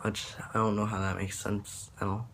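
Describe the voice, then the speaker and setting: A man's voice: lowish voice, little pitch movement, moderate pace, gravelly, fairly bright tone, slight background noise. A young man talking casually about accents, rambling and hesitant with many fillers and restarts. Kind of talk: casual accent tutorial vlog.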